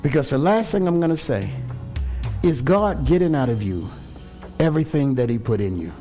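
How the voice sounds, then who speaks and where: A man's voice: mid-range voice, lively intonation, normal speed, dark tone, soft background music. A man preaching a sermon, impassioned, with call-and-response to the congregation. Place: church sanctuary.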